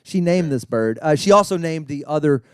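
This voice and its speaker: A man's voice: on the high side, lively intonation, fairly quick, clean tone, dry recording, studio quality. A man from Texas hosting a comedy podcast, reading odd news stories aloud with joking asides and frequent laughs. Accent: Texan. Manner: reads stories aloud with jokes, laughs often. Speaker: podcast host running a game.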